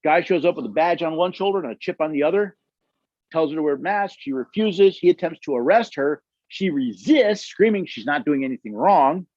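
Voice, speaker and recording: A man's voice: a little high, expressive, a little fast, darkish tone, dry recording, dull audio. A man leading a constitution study session, telling stories emphatically and acting out the quotes, with audience questions. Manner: emphatic storytelling, acts out quotes.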